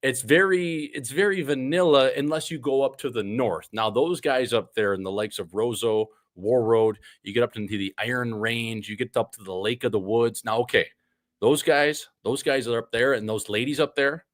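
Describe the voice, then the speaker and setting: A man from Wisconsin, hosting a casual podcast. He keeps a loose, joking banter in an average, middle-pitched voice. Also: normal speed, dry recording. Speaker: podcast host. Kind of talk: casual chat.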